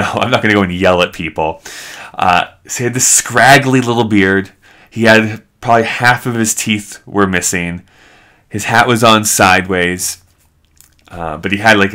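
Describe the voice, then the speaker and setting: A man hosting a live stream, telling a story in an animated, chatty way full of "like". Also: on the low side. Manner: animated, chatty, heavy use of "like".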